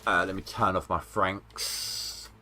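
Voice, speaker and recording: A man's voice: sits low, little pitch movement, slow, pushed and bright, slight background noise. A man streaming a video game live, chatting casually and joking as he thinks aloud about his progress. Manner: rambling, jokey, thinking aloud. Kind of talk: casual gameplay commentary.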